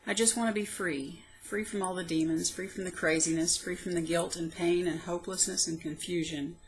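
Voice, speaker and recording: A woman reading her own poems aloud, soft, slow and reflective, with plain spoken asides between them. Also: lowish voice, steady tone, slight background noise, poor audio. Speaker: poetry reader.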